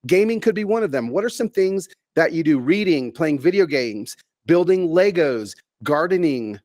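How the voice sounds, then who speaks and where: Here a keynote speaker, a middle-aged man with a somewhat high voice for a man, motivates an online audience. The style is energetic and talky, with repetitions and false starts. When he wants something to land, he elongates the important words slowly, each on its own.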